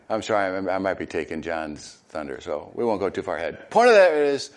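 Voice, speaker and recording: Older male retired pastor, low voice, very lively intonation, conversational sermon with halting fillers. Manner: conversational, halting with fillers, animated when acting out crowd reactions. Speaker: retired pastor, guest preacher.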